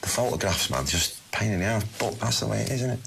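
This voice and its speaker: A man's voice: lowish voice, lively intonation, fast talker, creaky, very noisy. A man in his forties with a Mancunian accent, guest in a casual interview, talking bluntly with plenty of swearing. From Manchester, England. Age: 40s. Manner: blunt, swearing, laddish storytelling. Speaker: musician guest.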